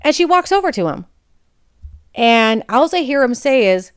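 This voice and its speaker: Candid woman podcaster, smooth voice. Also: sits high, very animated, moderate pace, pauses often. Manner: candid, chatty, digressive. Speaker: podcast host. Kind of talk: personal storytelling.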